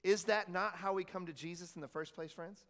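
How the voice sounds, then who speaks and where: A pastor preaching a sermon in a church, talking conversationally and asking the congregation questions. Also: male voice, high voice, fairly even intonation, brisk, long reverb tail. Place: church hall.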